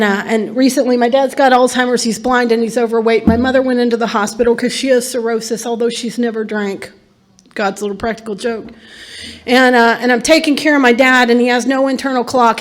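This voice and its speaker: A woman's voice: on the high side, brisk. Middle-aged woman sharing her recovery story. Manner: earnest, emphatic storytelling with bursts of laughter. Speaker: recovery meeting speaker. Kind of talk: personal testimony talk.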